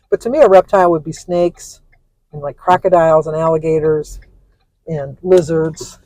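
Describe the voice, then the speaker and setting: A woman's voice: low voice, moderate pace, mellow, dry recording, rough recording. An older woman from Michigan, rambling and correcting herself as she chats to the camera from a car she is driving. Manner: chatty, meandering, self-correcting storyteller. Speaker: vlogger. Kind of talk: rambling casual chat.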